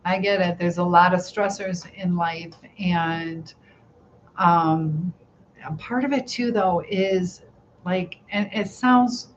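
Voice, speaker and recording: Middle-aged woman hosting a casual live stream; soft, reassuring and inquisitive; slightly muffled lo-fi recording. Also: lowish voice, slow. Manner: gentle, reassuring, asks many questions. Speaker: live chat host. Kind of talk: casual live-stream chat reading comments. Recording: slightly dull lo-fi sound, faint room noise.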